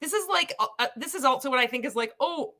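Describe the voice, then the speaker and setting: A woman's voice: high-pitched, lively intonation, racing, bright, forceful tone. A woman giving sarcastic, swearing reaction commentary on a video. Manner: sarcastic, swearing, bursting into laughter.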